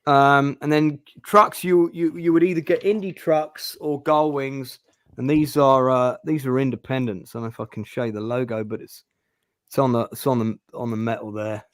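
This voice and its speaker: A man's voice: mid-range voice, steady tone, normal speed. Rambling middle-aged man on a call. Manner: rambling, hesitant, many ums. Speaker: host. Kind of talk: casual chat on a live stream. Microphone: video call.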